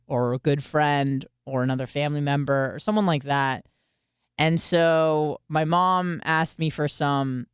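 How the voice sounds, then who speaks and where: A woman's voice: low voice, clean tone, dry recording, clean studio sound. A woman hosting a radio show, talking in a candid, chatty way and acting out quotes with some profanity. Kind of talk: casual monologue.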